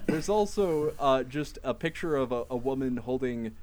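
A man's voice: medium pitch, animated, normal speed. Male podcast host, rambling casual delivery, faint hiss behind. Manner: rambling, reads posts aloud with laughs. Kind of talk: casual chat.

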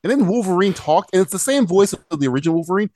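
A man's voice: sits high, lively intonation, racing, darkish tone, no room sound. A man hosting a casual podcast chat, joking crudely and laughing often. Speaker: podcast host.

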